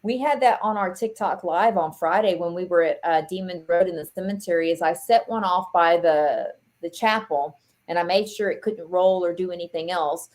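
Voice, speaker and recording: Excitable, blunt woman podcast guest. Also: lowish voice, moderate pace. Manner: excitable, blunt, laughs often. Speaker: podcast guest, ghost hunter. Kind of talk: casual chat.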